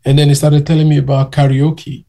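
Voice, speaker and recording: Brief: male interview guest, lively storyteller, gravelly and mellow, voice sits a bit high. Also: brisk. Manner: animated, acts out quoted people's voices. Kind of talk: casual anecdotal storytelling.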